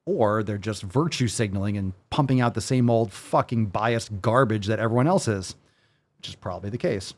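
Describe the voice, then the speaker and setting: A man's voice: fairly low pitch, normal speed. A man hosting a podcast, ranting in a blunt, sarcastic way and swearing often. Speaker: podcast host. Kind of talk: casual ranting commentary.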